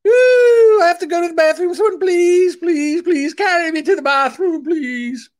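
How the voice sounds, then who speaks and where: A man's voice: very high-pitched, normal speed, pitched above the performer's own voice. A man putting on the voice of a frail, whiny queen in her nineties, pleading melodramatically for help.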